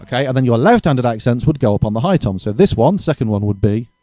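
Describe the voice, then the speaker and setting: A man's voice: mid-range voice, very animated, fast talker, over loud music. A man giving a casual drum lesson, thinking aloud and correcting himself as he explains exercises. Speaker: drum teacher.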